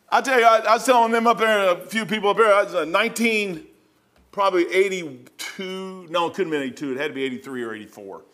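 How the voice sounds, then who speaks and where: A man's voice: high voice, fairly quick, pushed and bright. A middle-aged man preaching, telling a story in a rambling way with many restarts. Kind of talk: sermon storytelling.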